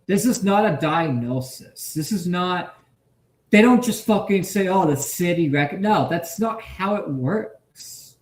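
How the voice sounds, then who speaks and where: A man streaming his reaction to a video, swearing freely and swinging from shouts to mumbles. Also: sits high, expressive, a little slow, echoey room. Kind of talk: loud profane reaction commentary.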